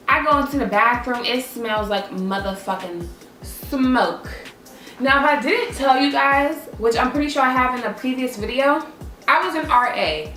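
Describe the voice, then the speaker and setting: A young woman in her twenties telling a casual storytime, animated and swearing, jumping higher when she acts out what people said. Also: moderate pace, roomy sound, soft background music. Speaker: vlogger.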